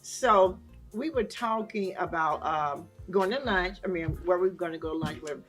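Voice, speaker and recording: A woman's voice: on the low side, moderate pace, faint music behind. A woman on a talk show panel, telling a story in a casual way and acting out what people said. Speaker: panel guest.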